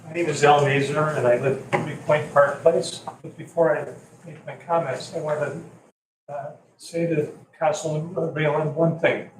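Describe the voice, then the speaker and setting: A man giving public comment at a council meeting, calmly listing figures one by one. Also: fairly high pitch. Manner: measured, lists figures one by one. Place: council chamber. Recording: echoey chamber, voice from far off, faint hum.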